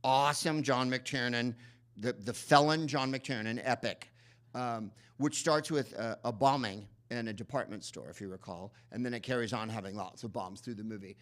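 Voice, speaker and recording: A male host gives a live, comic introduction to a film in a cinema. He rambles sardonically and leans on many ums and restarts, in a voice of middling pitch. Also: normal speed, fairly bright tone.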